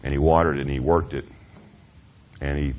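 A middle-aged man preaching a sermon in a church, earnest and confessional, asking "Amen?" of the congregation and dropping to a hushed near-whisper at tender moments. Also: very deep voice, flat delivery, a little fast. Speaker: pastor.

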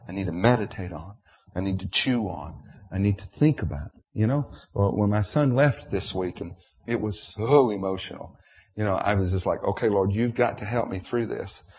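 Middle-aged man, husky voice, emotional sermon, repeats himself. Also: fairly low pitch, normal speed, darkish tone. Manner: emotional, preacherly, repetitive with restarts. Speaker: preacher.

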